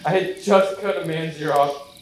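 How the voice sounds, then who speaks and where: Man acting out guilt-ridden apostle Peter, stage monologue, high voice, very echoey hall, heard from far off. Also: moderate pace, slight background noise, lightly acted. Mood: tense. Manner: earnest first-person storytelling, rising to anguished outbursts. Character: remorseful apostle Peter, grown man, haunted by denial. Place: church stage.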